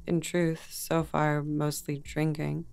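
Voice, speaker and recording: Video game role: guarded young dancer, deep, dry, gravelly delivery. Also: female voice, level tone, takes it slowly, a little mellow, exaggerated voice. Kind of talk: game voice acting.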